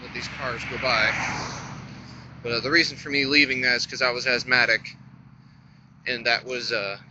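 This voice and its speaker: A man in his twenties from North Carolina with a slight lisp, talking to the camera while he walks outdoors, halting and hesitant, thinking aloud. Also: mid-range voice, fairly even intonation, dull audio, very noisy. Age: 20s. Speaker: vlogger. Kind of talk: rambling walk-and-talk vlog. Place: outdoors on a roadside walk.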